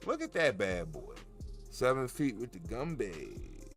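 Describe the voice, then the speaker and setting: Animated rambling man hosting a livestream. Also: mid-range voice, unhurried, faint music behind. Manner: animated, rambling and jokey, with many restarts. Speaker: cannabis grow livestream host. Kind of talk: casual livestream chat.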